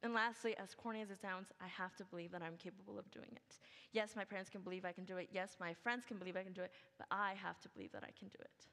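A woman's voice: mid-range voice, steady tone, quick pace, gravelly, a bit bright. Upbeat young woman presenting in a hall. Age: young adult. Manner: upbeat, chatty, fillers like "like" and "okay". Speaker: student presenter. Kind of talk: senior project presentation. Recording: long hall reverb.

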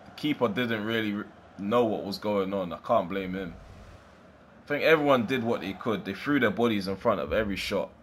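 A man giving live, excitable commentary over his own video game match, swearing and reacting as he plays. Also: lowish voice, fairly quick, slight background noise. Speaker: gaming YouTuber.

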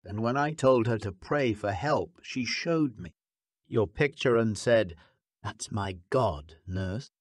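A man's voice: on the low side, expressive, takes it slowly, no room sound, studio quality. A man reading an audiobook, voicing a bitter, furious middle-aged woman nurse who accuses and scolds. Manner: accusing, scornful, raising her voice.

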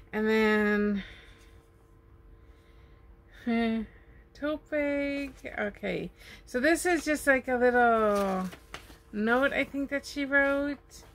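A woman's voice: on the high side, a little hiss or hum. A woman chatting casually as she unboxes gifts in her RV, gushing over each item. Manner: gushing, slow, lingering on her words. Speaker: vlogger. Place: home in an RV.

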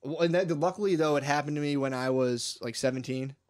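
Guy cohosting a podcast, rattles off a wild story fast, cusses a ton, laughs a lot. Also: a little high. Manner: profane, laughing, rambling. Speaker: podcast co-host. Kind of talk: casual storytelling chat.

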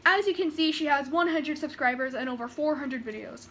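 Woman putting on a young gaming host, excitable, shouty, bright high voice, faint room noise. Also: brisk. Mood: gushing. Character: hyper young male Irish gaming video host.

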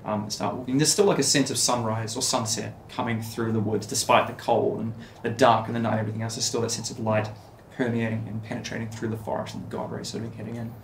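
A man running a tabletop game as game master, narrating scenes in a relaxed way with fillers. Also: fairly low pitch, fast talker, few pauses, slight background noise. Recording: echoey room.

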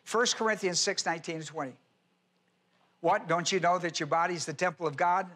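A male pastor teaching a sermon verse by verse, reading scripture aloud and slowing down to stress key words. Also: high-pitched, fairly bright tone. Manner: reads scripture aloud and spells out Greek words. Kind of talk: expository Bible teaching sermon.

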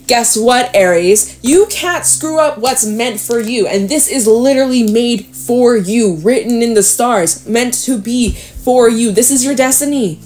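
Woman, tarot reader, casual to-camera reading, excited and encouraging, slangy. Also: on the high side, measured pace, hardly any pauses. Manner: excited, emphatic, slangy and reassuring.

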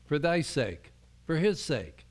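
A man's voice: fairly high pitch, sing-song, slow. A male pastor preaching a sermon in a conversational way, often restarting his sentences and acting out the voices he quotes.

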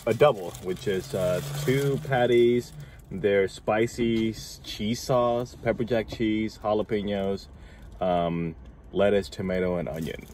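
A man's voice: lowish voice, steady tone, slow, darkish tone, a little hiss or hum. A man co-hosting a food channel, chatting casually and mumbling while he eats in a parked car. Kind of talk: casual mukbang chat while eating.

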